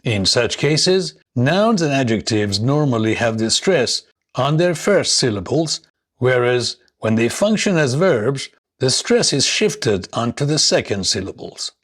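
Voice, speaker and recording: A man narrating a scripted English lesson, speaking slowly and clearly, modeling words for learners to repeat. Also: medium pitch, sing-song. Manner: slow, deliberate, models words for repetition. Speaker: English teacher.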